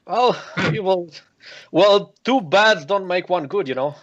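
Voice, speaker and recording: Male player, dry teasing humor, a bit high, muffled recording. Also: slow pace, a bit bright. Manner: wry and teasing. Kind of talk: casual game table banter. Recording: dull lo-fi audio.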